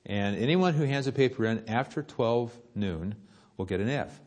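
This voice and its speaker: Animated male preacher telling a story. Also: medium pitch, moderate pace. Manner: storytelling with lively rises and hushed drops. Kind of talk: sermon.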